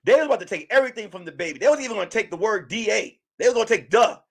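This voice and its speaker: A man's voice: high voice, lively intonation, very fast, creaky, breathy edge. A man hosting a casual livestream commentary, joking and acting out quotes in mock voices. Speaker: livestream host.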